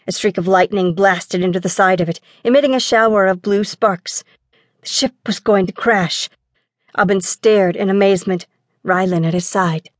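A woman narrates a children's adventure story in a clear, measured way. Her voice sits at a middle pitch. The studio sound is dry and close, with no echo. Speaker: audiobook narrator.

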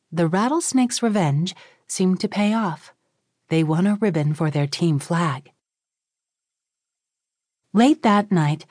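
A woman's voice: lowish voice, no room sound, clean studio sound. Woman narrating a children's audiobook. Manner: expressive, clear storytelling. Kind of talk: scripted children's story narration.

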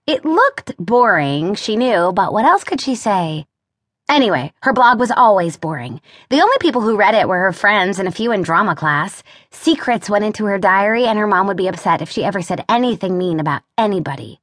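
A woman's voice: mid-range voice, sing-song, brisk, a bit bright, no room sound. Woman narrating an audiobook, dry studio sound. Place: recording studio. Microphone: close studio mic.

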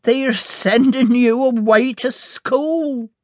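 A weepy, devoted old nursemaid pleads softly and slowly, voiced by a man reading an audiobook. Her voice lifts above his usual register and stays close and dry. She sounds fond and grieving at once. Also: high-pitched, steady tone, no room sound, voice pushed up. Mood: sobbing. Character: tearful kindly old nursemaid woman.

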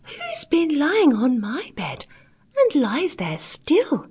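A woman reading an audiobook, voicing a tiny, tearful little bear cub with a high, crying complaint. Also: huge pitch swings, slow pace, darkish tone, full character voice. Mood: indignant.

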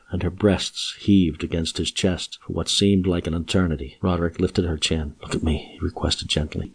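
A man narrating an audiobook in a measured, expressive storytelling manner. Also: low-pitched. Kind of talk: scripted narration.

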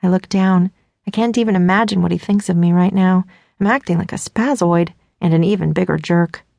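Woman reading her audiobook, gravelly, self-mocking and flustered, super dry close sound. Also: lowish voice, brisk, a little mellow, dry recording. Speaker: audiobook narrator. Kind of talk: first-person audiobook narration.

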